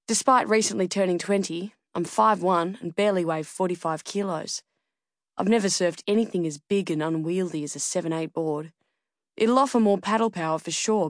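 Low-voiced woman audiobook narrator. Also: dry recording, clean studio sound. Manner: measured, steady reading. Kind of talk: scripted first-person narration.

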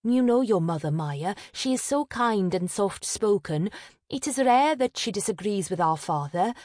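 A woman voicing a timid, tearful youngest sister who talks softly and sighs. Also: medium pitch, lively intonation, moderate pace, dry recording, studio quality, pitched above the performer's own voice, lightly acted. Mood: earnest. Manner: soft, plaintive, sighing.

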